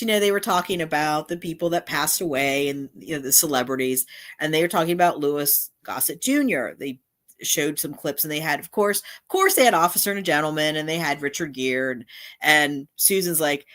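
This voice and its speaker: Low-voiced woman rambling through a livestream. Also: fairly bright tone. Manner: rambling, with frequent restarts and asides. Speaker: channel host. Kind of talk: casual livestream commentary.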